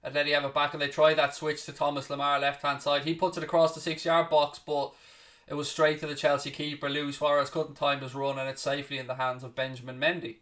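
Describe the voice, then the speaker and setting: A man's voice: fairly high pitch, flat delivery, a bit bright, distant mic. A man hosting a live football watchalong, calling each pass and snapping back bluntly at his chat. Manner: blunt, snippy with chat, swears freely; rapid play-by-play naming each pass. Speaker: watchalong host.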